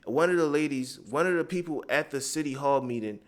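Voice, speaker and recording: A commentary vlogger with a slightly high, fairly quick male voice delivers heated, profane commentary. He rambles and keeps drifting away from his script.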